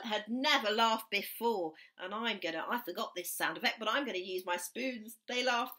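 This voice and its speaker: Animated woman teacher reading a story. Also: on the high side. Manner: animated storytelling that leads children in sound effects. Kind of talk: children's musical story time.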